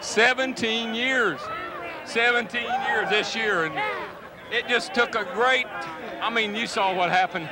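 Fields: Sex: man. Role: race-winning driver. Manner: elated, disbelieving, rambling. Pitch: very high. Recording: loud crowd and track noise. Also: measured pace. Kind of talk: post-race interview.

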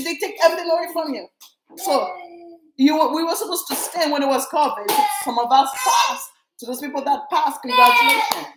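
A woman's voice: sits high, fairly bright tone, reverberant, slight background noise, rough recording. A woman preaching to viewers, emphatic and repetitive as she exhorts them and prays over them. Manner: emphatic and repetitive, rallying listeners.

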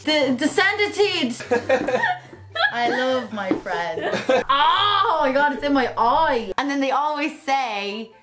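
A woman's voice: high voice, animated, slow, a bit bright, faint music behind. An Irish woman vlogging in a casual, chatty way, often giggling, tripping over her words and correcting herself. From Ireland. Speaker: YouTube vlogger.

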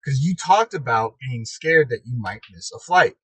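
A man hosting a podcast in casual chat, an animated storyteller who laughs a lot and swears freely, recorded inside a truck. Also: medium pitch, moderate pace, husky, no echo, poor audio. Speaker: podcast host.

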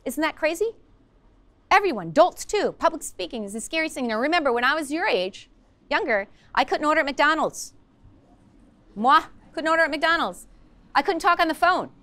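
A woman's voice: high-pitched, lively intonation, moderate pace, bright, forceful tone. A woman teaching a social-emotional learning lesson in a school classroom, upbeat and coaxing, firing questions at the class.

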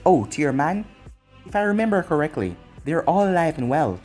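A man's voice: fairly high pitch, big pitch swings, fairly quick, darkish tone, faint music behind. A man voicing a cruel, smug young male ninja who taunts his former friends with mocking chuckles.

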